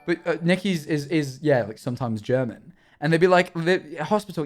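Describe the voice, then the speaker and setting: A man's voice: fairly high pitch, expressive, normal speed, faint music behind. A man chatting casually on a livestream, rambling and self-deprecating, with frequent swearing. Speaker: streamer.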